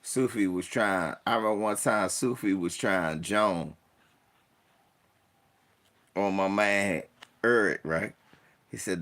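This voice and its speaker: A man's voice: low voice, slow, long pauses. A man in his forties telling profane stories in casual chat, laughing often and acting out the people he quotes. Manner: profane, laughs often, animated story voices. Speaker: podcast host telling stories.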